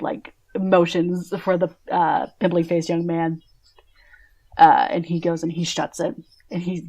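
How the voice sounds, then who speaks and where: A woman's voice: lowish voice, dark tone. A woman running a tabletop game as game master, narrating scenes in a casual, descriptive way with many fillers.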